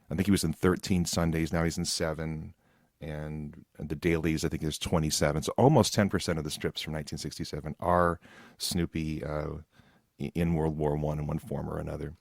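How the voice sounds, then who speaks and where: A man's voice: a bass voice, fairly even intonation, moderate pace, gravelly, no echo, studio quality. A man co-hosting a podcast, chatting casually and thoughtfully and laughing easily. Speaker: podcast co-host. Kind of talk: casual chat.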